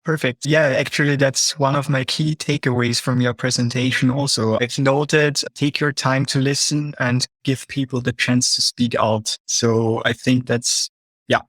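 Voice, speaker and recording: A man's voice: mid-range voice, flat delivery, unhurried, fairly bright tone, dry recording. A man moderating a webinar Q&A, reading out audience questions and giving short affirming replies. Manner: brief, affirming, reads out questions.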